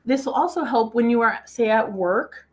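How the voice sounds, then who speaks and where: A woman's voice: fairly high pitch, normal speed. A woman gives a motivational talk in a loose, conversational way. She tells a personal story and keeps quoting herself with "I was like." She laughs easily as she talks. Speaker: speaker.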